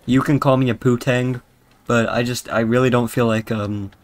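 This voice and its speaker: At a normal pace and with fairly even intonation, a young British man in a mid-range voice plays a zombie video game. He's a gaming YouTuber, and his casual commentary is crude, jokey and rambling.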